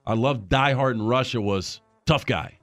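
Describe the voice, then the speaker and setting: A man's voice: medium pitch, dry recording, soft background music. Male radio host reading odd news. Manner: reads stories briskly, then jokes around.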